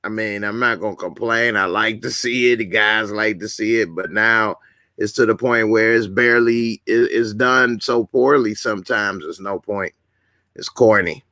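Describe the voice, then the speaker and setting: A man's voice: lowish voice, moderate pace, bright, forceful tone, no echo, clean studio sound. Laid-back man hosting a live stream. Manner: casual, laughing, reads viewer comments. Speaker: YouTube host.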